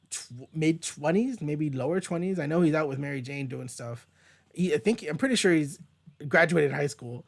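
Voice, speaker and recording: Man, comic review host, casual rambling chat, fillers, fairly high-pitched. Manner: rambling and chatty, with frequent fillers and casual swearing. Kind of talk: casual page-by-page comic commentary. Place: at home, with a dog nearby.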